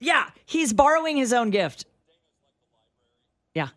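A woman's voice: a little high, sing-song, slow, no echo. A woman co-hosting a radio show, chatting casually and teasing with frequent laughs in a cold studio. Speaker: radio co-host. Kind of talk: casual on-air banter.

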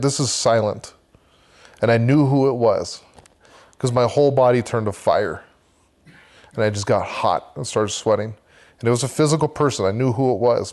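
A man's voice: medium pitch, a little mellow. A man, guest on a podcast, earnestly telling a vivid personal faith story and talking about leading a men's church group.

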